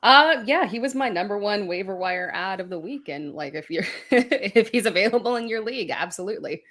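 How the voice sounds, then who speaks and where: A woman's voice: mid-range voice, animated, a little fast, fairly bright tone. A woman giving sports analysis on a live Q&A show, talking in a giggly, playful way. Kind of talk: casual live Q&A chat.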